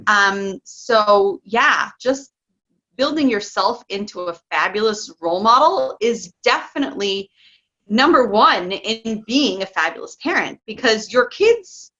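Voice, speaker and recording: Bright-voiced chatty woman, dull lo-fi sound. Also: medium pitch, a little slow. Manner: chatty, excitable, laughs often. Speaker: parenting coach guest. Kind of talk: casual interview talk.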